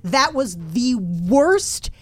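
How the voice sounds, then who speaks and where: A woman's voice: fairly high pitch, sing-song, extremely slow, dry recording. A woman in a casual group chat, emphatic and adamant in her opinions.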